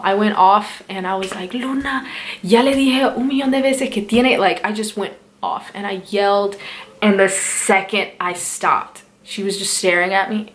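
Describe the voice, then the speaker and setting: A woman's voice: medium pitch, fairly bright tone. A young woman vlogger talking candidly to her viewers about parenting, earnest and direct, often repeating herself for emphasis. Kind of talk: casual advice to camera.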